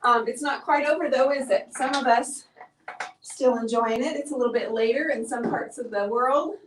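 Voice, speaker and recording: A woman's voice: fairly high pitch, moderate pace, a little hiss or hum. A woman hosting a live painting tutorial, chatting upbeat with viewers while she works and sounding out of breath. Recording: voice heard from a distance.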